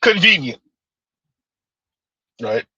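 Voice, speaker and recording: A man's voice: on the high side, very animated, very slow, bright, forceful tone, breathy edge, no room sound, lo-fi sound. A man hosting a blunt, mocking commentary show while riding in a car, often laughing. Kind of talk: casual live commentary. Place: in a car, in transit.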